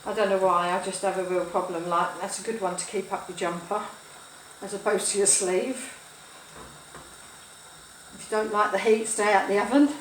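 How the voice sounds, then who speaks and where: A woman's voice: medium pitch, steady tone, moderate pace, long pauses, a little hiss or hum. A woman in her sixties, chatting and rambling through funny stories while cooking, mixing up her sayings as she goes. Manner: gossipy, rambling, mixes up sayings. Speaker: cooking vlogger. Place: home kitchen, food sizzling. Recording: echoey kitchen with loud frying.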